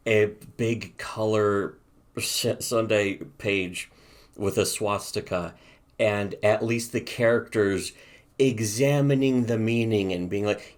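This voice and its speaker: A podcast co-host reviews webcomics in a fairly low voice with fairly even intonation, taking it slowly. His chat is casual, sarcastic and rambling, with plenty of swearing.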